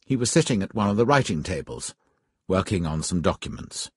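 A man narrating a story in a calm, orderly way. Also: sits low, fairly quick, breathy edge, dry recording, clean studio sound.

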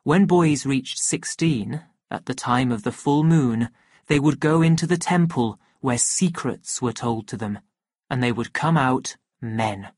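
A storybook narrator reading at an unhurried, measured pace. The voice is husky, and the recording is dry and close with no room sound. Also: medium pitch, darkish tone, no room sound. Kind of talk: scripted narration of a graded reader.

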